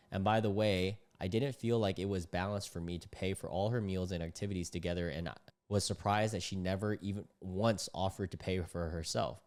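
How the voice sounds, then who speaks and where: Young male creator with a low voice, reading posts out loud, cutting in with slangy reactions and sharp exclamations. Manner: casual slang-heavy reactions, sudden exclaims between read passages. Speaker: content creator.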